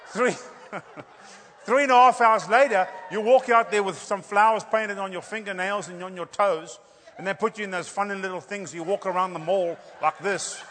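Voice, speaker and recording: High-pitched preacher guy cracking jokes, lots of "hello?", big echoey church sound. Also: normal speed, a little hiss or hum. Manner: animated, joking, repeats "hello?" for laughs. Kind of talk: humorous sermon.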